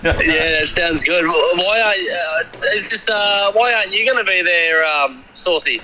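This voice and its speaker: A man's voice: high-pitched, moderate pace, sharp tone, slight background noise. A man on a phone call, answering hesitantly and giving a mock-earnest thank-you speech. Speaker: mate on the phone. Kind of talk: casual chat.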